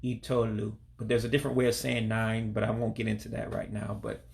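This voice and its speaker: A man giving a casual spoken language lesson, patiently repeating each phrase slowly and then at speed. English is his first language, and he speaks from his home in Alabama. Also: lowish voice, level tone, gravelly. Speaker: language learner teaching vocabulary.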